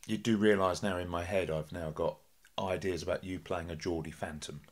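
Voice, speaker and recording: Deep-voiced podcast host guy throwing in quick friendly questions. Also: steady tone. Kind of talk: casual interview questions.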